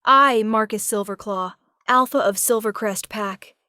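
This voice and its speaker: A man's voice: high voice, little pitch movement, measured pace, a bit bright, clean tone, no echo, studio quality. A woman voicing a grieving male wolf alpha who speaks formal ritual words while breaking. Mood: anguished.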